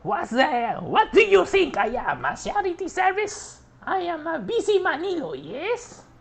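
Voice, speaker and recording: A man's voice: extremely high pitch, huge pitch swings, a little slow, creaky, voice pushed up, full character voice. A man voicing a pompous, greedy merchant with a put-on French or German accent in a video game play-through. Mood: indignant. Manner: haughty, mock-grand.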